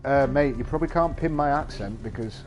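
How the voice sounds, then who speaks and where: A man's voice: mid-range voice, fairly quick, music in the background. A man in his thirties with a mixed Scouse and Mancunian accent, chatting casually on a game stream, swearing freely and laughing often. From North West England. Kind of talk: casual live-stream chat.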